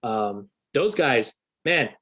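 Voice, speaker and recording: A man's voice: medium pitch, animated, drawn-out words, fairly bright tone. A young adult man, a guest on a podcast, telling a long profane anecdote in a casual, rambling way with lots of restarts. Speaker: podcast guest and rock musician.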